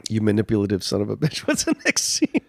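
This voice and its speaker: A man co-hosting a film podcast, reacting fast and swearing freely in casual talk. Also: on the low side, wildly swooping pitch, creaky, a bit bright. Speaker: podcast co-host.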